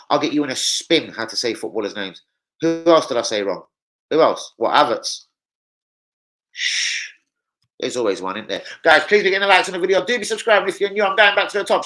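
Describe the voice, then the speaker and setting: A man hosting a casual football livestream, rambling, swearing and giving shout-outs to viewers. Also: fairly high pitch, rough recording. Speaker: football channel host.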